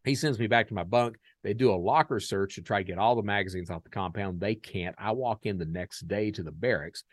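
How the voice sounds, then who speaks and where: A man from the United States hosting a podcast, telling a story in a casual, animated and profane way and acting out the dialogue. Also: lowish voice, a little fast, dry recording. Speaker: podcast host.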